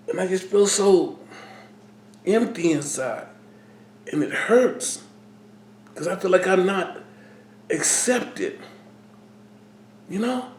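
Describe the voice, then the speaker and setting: A man talking slowly and haltingly about his feelings, often repeating words and trailing off. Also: high-pitched, expressive, echoey room. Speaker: vlogger. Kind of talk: personal talk to camera.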